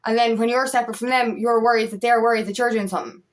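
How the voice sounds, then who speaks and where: A woman's voice: fairly high pitch, steady tone, quick pace. A woman coaching on relationships, talking candidly and emphatically and swearing freely. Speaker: feminine empowerment coach. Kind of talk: casual motivational talk to camera.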